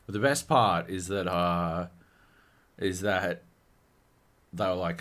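Sweary, animated man on a podcast. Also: deep voice, takes it slowly. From Australia. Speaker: podcast co-host. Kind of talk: casual chat.

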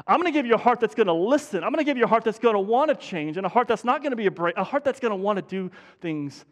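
High-voiced guy preaching, chatty but keeps hammering points, long hall echo. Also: lively intonation, racing. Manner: conversational preaching with emphatic repetition. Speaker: pastor. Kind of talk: sermon.

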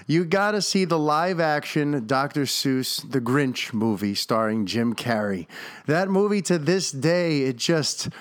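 A man's voice: on the high side, expressive, unhurried, clean tone, no echo. Chatty podcast host man, dry mic. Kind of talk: casual podcast chat.

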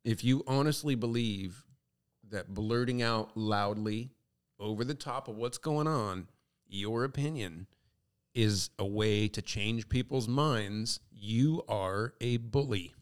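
A man with a fairly low voice talks in a loose, casual chat. He tells crude stories in an animated way and breaks into laughs. He sounds like a comedian riffing among friends. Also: slow, smooth. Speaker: stand-up comedian.

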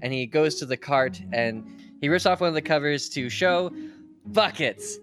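A man narrating a character's actions in a tabletop game, brisk and descriptive. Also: fairly high pitch, a bit bright, soft background music.

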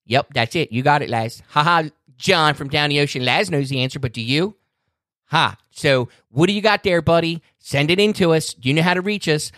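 A man's voice: fairly high pitch, normal speed, fairly bright tone, no echo, clean studio sound. A man, a podcast regular, ranting in a fired-up, cursing way during a casual chat. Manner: fired up, ranting, swears freely.

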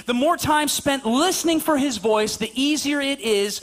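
High-voiced man preaching conversationally. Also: animated, moderate pace, hardly any pauses, fairly bright tone. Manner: conversational, repetitive, stammering restarts, acts out anecdotes. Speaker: pastor. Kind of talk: sermon.

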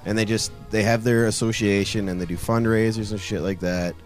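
Deep-ish guy on a podcast, crude and blunt, swears a ton, bit of music behind. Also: steady tone, fairly quick. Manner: crude, blunt storytelling with acted quotes. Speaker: podcast co-host. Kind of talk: casual storytelling chat.

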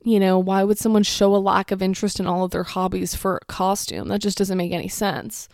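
A woman's voice: medium pitch, steady tone, fairly quick, a little mellow, no echo, studio quality. A young woman chatting casually and sarcastically, reading steps aloud and reacting to them with lots of "like" and "you know.". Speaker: vlogger.

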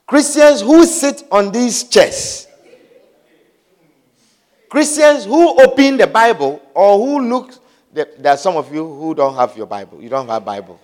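High-voiced man preaching a sermon. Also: a little mellow. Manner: keeps asking the congregation whether they understand; repeats key phrases for emphasis. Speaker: pastor.

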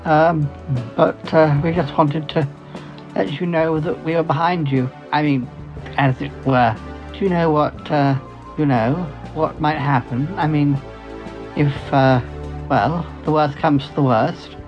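A man's voice: fairly high pitch, fairly even intonation, measured pace. A man voicing Bettina, a gushing, affectionate woman who calls everyone darling, in a comedy sketch. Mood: doting. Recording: dull lo-fi sound, faint music.

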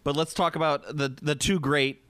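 A man's voice: fairly high pitch, moderate pace, clean tone, dry recording. A man with a Midwestern American accent, co-hosting a podcast and telling rambling, joking stories in casual chat. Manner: rambling storyteller, animated and joking. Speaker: podcast co-host.

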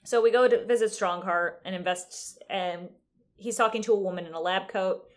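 A woman co-hosting a podcast, casually retelling a video game's plot in a relaxed way. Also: medium pitch, normal speed. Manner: relaxed storytelling recap, drifting off mid-sentence. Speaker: podcast co-host. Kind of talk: casual chat recapping a video game.

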